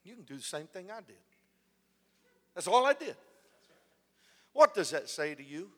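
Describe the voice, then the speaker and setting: A man preaching a sermon, telling a story with lively delivery and acting out the lines of the people in it. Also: sits high, normal speed. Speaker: pastor. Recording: long hall reverb.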